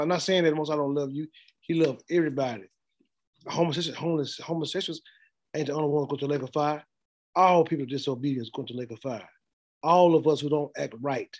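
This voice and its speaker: A man's voice: on the high side, breathy edge. A middle-aged man preaching a blunt, informal sermon and laughing often as he speaks. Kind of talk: street sermon.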